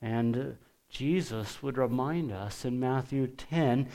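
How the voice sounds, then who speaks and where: A man preaching a sermon, emphatic and deliberate, pausing often and lifting his voice when quoting scripture. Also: medium pitch, mellow. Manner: lifts his voice for quoted scripture.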